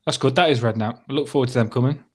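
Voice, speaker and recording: A man's voice: medium pitch, very fast, darkish tone. A man hosting a casual fan podcast, laughing and teasing his co-host.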